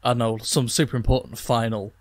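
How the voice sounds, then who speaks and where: A man's voice: medium pitch, fairly even intonation, fairly quick, no room sound. Chatty man, dry close sound. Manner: chatty, laughs often, many "like" fillers. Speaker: podcast co-host. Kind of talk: casual chat.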